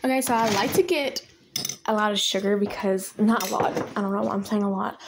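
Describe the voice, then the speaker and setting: A woman's voice: medium pitch, a little fast, background noise. A young woman making coffee at home, chatting casually and self-consciously in a giggly, rambling way. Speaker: vlogger. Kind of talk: casual kitchen vlog chat. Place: home kitchen, indoors.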